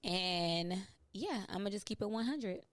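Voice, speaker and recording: A woman hosts a podcast in loose, casual chat. Her pitch sits in a middle range. She talks bluntly, swears freely and breaks into laughs. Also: expressive, unhurried. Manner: blunt, profane, laughs often. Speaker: podcast host.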